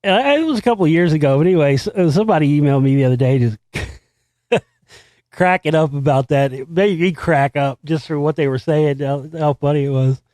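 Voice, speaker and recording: A man's voice: on the high side, fairly quick, darkish tone, dry recording. Rambling, profane American man host. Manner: rambling, profane, laughs at his own stories. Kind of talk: casual solo talk show monologue.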